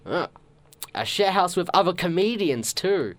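A man with an Australian accent co-hosting a casual chat, with teasing quick asides. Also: high voice, lively intonation. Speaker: podcast co-host.

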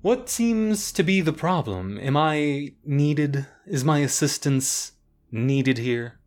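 Man voicing Spillikin, a high eager little alien medic. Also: expressive, slow, soft background music. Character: fussy many-armed small alien medic creature.

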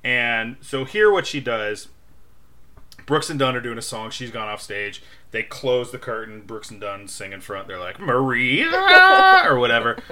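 A young man casually telling a funny story on a podcast, laughing often and acting out quotes in a loud high voice. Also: normal speed. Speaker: podcast co-host.

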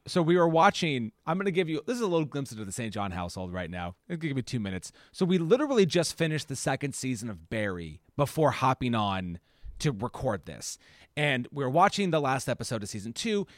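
A woman in her thirties co-hosting a film podcast, telling stories with lots of swearing and quick restarts. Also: rumbling low, no echo, clean studio sound. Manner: animated storyteller, swears freely. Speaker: podcast co-host. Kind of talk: casual film discussion.

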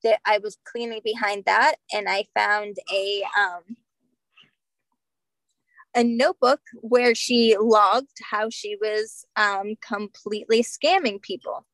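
Woman, spirit medium, casual storytelling, chatty, filler words, mid pitch, dry close recording. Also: fairly bright tone, dry recording, poor audio. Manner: chatty, filler-heavy with frequent "like" and "um". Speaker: podcast guest, spirit medium.

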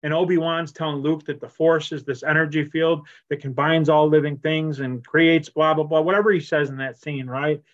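A man shares his story at a recovery meeting, animated and casual, playing out each conversation as he goes. His voice sits a bit high for a man. The sound is muffled and lo-fi, as on a video call. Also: normal speed, few pauses. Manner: animated storyteller acting out quoted dialogue. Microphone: computer mic on a video call.

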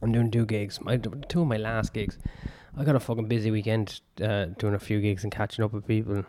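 A man's voice: on the low side, fairly even intonation, brisk, noisy background. Sweary rambling man. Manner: rambling, sweary, self-mocking. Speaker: podcast host and comedian. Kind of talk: solo rambling podcast monologue.

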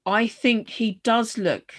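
A woman's voice: a little high, slow pace. A woman co-hosting a podcast, chatting casually and animatedly about a film, swearing freely and talking over her partner. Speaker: podcast co-host.

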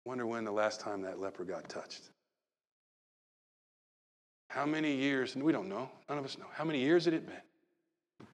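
Man preaching, swings between loud and hushed, long hall reverb, church sanctuary. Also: medium pitch, expressive, normal speed, long pauses. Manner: swings from loud acted-out shouts to soft, hushed speech. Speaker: pastor. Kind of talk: sermon.

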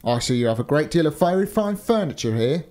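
A man reading the lines of a blunt, calm young male giant. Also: fairly high pitch, a little fast, pitched above the performer's own voice, close to an everyday voice.

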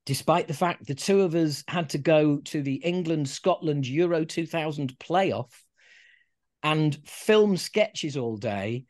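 Male podcast host, joking and sweary, slightly higher voice, chatty. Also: lively intonation, slow, a little mellow. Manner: sweary, self-mocking humour. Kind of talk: casual football chat.

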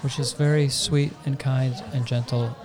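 A man co-hosting a podcast, talking in a halting way and often restarting his sentences. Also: mid-range voice, flat delivery, a crowd in the background. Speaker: podcast co-host. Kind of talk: casual chat.

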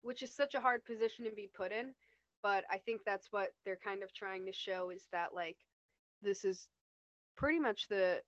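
A woman's voice: mid-range voice, moderate pace, no room sound, lo-fi sound. A woman co-hosting a podcast, chatting casually about a TV episode, with lots of "like" and "you know". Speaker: podcast co-host. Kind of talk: casual TV rewatch discussion.

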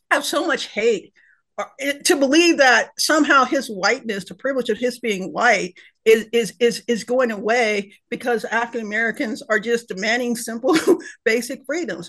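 Passionate professor guest, emotional, restarts a lot, mid pitch. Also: fairly bright tone. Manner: impassioned, emotional, frequent restarts. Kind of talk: passionate panel discussion.

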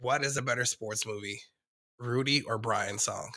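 A man's voice: medium pitch, moderate pace, sharp tone. A man co-hosting a casual sports talk show, teasing his partner with wry jokes.

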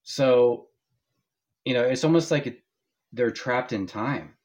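A man's voice: mid-range voice, takes it slowly, a little mellow. A man co-hosting a podcast in casual chat, rambling and hesitant with many restarts. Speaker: podcast co-host.

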